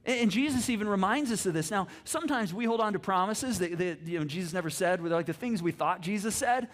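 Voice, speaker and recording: Man preaching in a fairly high voice. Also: lively intonation, quick pace, few pauses. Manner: conversational, earnest preaching with frequent restarts. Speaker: pastor. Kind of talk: sermon. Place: church.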